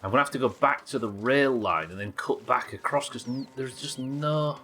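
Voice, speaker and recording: Speaking at a medium pitch and normal speed with a sharp tone, this man from Britain provides live commentary on a game he's streaming. He curses frequently, mutters under his breath and chats with his audience.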